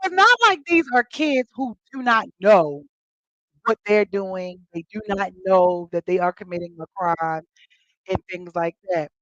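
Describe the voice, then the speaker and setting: Woman host, casual chat, animated storyteller who acts out quotes; dry, slightly dull lo-fi mic. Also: unhurried, no echo. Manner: animated storytelling, acting out quotes with big pitch jumps. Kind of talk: casual chat to a live audience.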